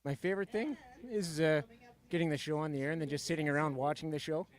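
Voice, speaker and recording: Male broadcast technician, modest, halting, a bit high. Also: steady tone. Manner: modest, laughs, many "uh"s. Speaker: broadcast engineer. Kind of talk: interview answers.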